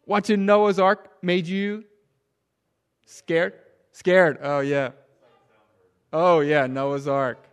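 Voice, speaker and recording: A man leading a children's sermon, asking the kids questions and swinging from loud emphasis down to a near hush. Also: a little high, takes it slowly, smooth. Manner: animated, drops to a hush for emphasis. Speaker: pastor.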